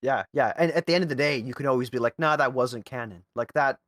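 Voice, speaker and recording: Easygoing podcast host, dry sound. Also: male voice, medium pitch, quick pace, dry recording. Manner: friendly, easygoing, laughs often, restarts his questions. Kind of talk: casual podcast interview.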